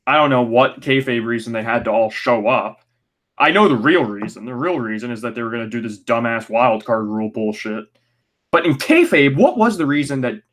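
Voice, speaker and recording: A man at a middle pitch hosts a casual podcast, recapping in a loose, sarcastic rant. He curses freely and sounds fed up. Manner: ranting, sarcastic, swears freely. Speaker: podcast host. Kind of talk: casual wrestling review podcast.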